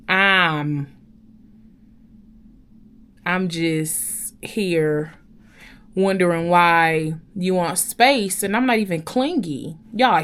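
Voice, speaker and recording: A young woman telling a personal story to her viewers in an animated, chatty way, often calling out to them directly. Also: lowish voice. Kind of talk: casual storytime chat.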